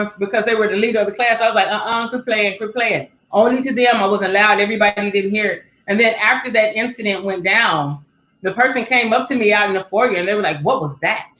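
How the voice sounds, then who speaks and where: A woman's voice: fairly high pitch, pushed and bright, reverberant, low-quality recording. A woman hosting a casual panel discussion, telling stories and acting out the voices she quotes. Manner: storytelling that acts out quoted voices. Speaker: panel host.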